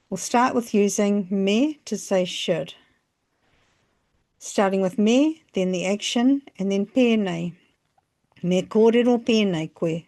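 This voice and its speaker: Slow, careful New woman teaching. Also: medium pitch, mellow. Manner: slow, careful phrasing with pauses between examples. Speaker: language teacher. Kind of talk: scripted lesson narration.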